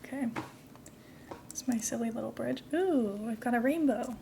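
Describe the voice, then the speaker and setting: A woman's voice: a little high, normal speed, vocal fry, dark tone, a little hiss or hum. A woman streaming a building game, chatting casually and giggling as she talks to herself and her viewers.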